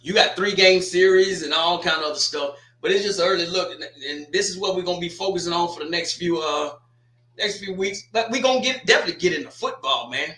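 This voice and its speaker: A man's voice: sits high, a little fast, pushed and bright, reverberant, faint music behind. A man hosting a casual sports talk livestream, loose and joking, trash-talking teams between restarts and asides.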